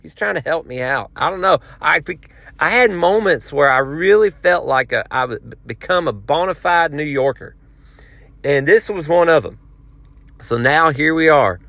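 Man, rambling animated storyteller, bright tense voice, dry close sound. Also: on the high side, moderate pace, creaky, no room sound. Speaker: podcast host. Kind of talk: casual storytelling.

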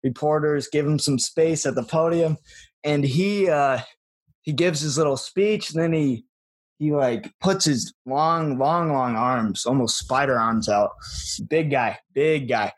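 Young male co-host, slightly high voice, halting and giggly delivery, casual podcast chat. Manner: hesitant, self-correcting, laughs often.

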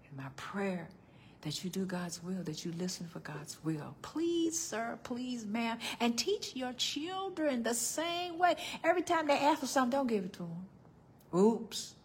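An older woman preaching a sermon as pastor, calling out to her congregation and swinging between loud outbursts and hushed tones. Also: on the high side, lively intonation, unhurried, slight background noise. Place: church.

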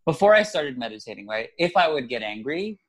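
Male co-host, mid-pitched, relaxed chat, reflective and chatty, quick to laugh at himself. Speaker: podcast co-host. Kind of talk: casual podcast chat.

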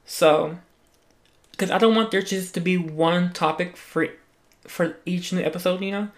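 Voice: medium pitch, fairly even intonation, a little slow. A young adult hosting a solo podcast into a mic, chatting casually, rambling with lots of restarts and constant swearing. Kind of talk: casual chat. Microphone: talking into a mic.

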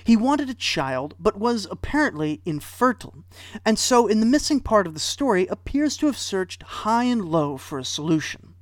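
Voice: mid-range voice, big pitch swings, normal speed, dry recording. A storyteller retelling an old myth with wry asides and dry humor.

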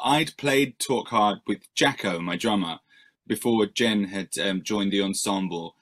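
Man, musician, low voice, casual interview, rambling, self-deprecating, full of fillers. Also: unhurried, fairly bright tone.

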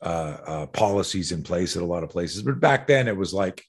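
Husky-voiced man telling a story. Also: low-pitched, normal speed. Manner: animated storyteller, swears freely. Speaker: self-defense instructor. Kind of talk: conversational storytelling.

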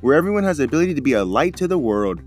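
A man hosting a podcast, talking through a Bible story in a relaxed, conversational way with frequent restarts. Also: medium pitch, racing, faint music behind. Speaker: podcast host. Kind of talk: casual faith podcast talk.

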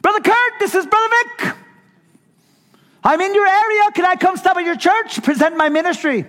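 A man voicing an excitable, cheerful male missionary church planter during a sermon. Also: normal speed, big-room sound. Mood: excited. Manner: bubbly and eager, high-pitched.

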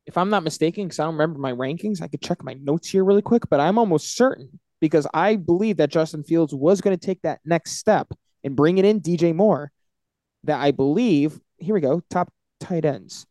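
Male podcast co-host, slightly high, mellow tone, dry close mic, hype-driven picks delivery. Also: fairly quick, no room sound. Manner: animated, hyping his picks. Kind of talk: casual sports picks chat.

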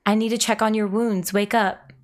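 Woman voicing a heartbroken male raccoon, earnest, slow, plain fan-fiction reading. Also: mid-range voice, flat delivery, lightly acted. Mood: gentle.

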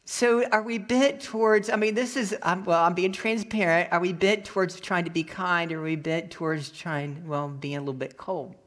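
A male pastor delivering a sermon, telling a personal story with animated acted-out voices. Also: sits high, moderate pace, few pauses. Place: Florida.

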